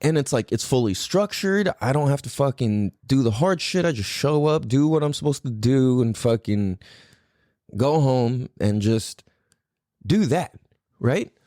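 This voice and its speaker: A man's voice: mid-range voice, expressive, a little slow, dark tone, no echo, clean studio sound. A man from California with kids, hosting his own podcast and rambling through a casual solo talk full of swearing and fillers. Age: adult parent. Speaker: podcast host.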